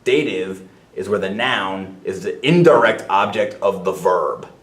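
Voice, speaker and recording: A man teaches a lesson, laying out each point slowly and methodically and sounding out examples. His voice sits fairly low. The recording has a roomy echo. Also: animated, a bit bright. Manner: slow, methodical explaining, spelling out sounds. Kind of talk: spoken lesson.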